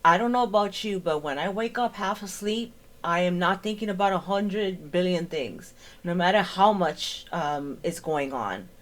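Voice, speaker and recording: A woman's voice: fairly low pitch, expressive, moderate pace. A woman hosting a reaction commentary, sarcastic and exasperated as she picks apart a clip. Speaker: commentary host.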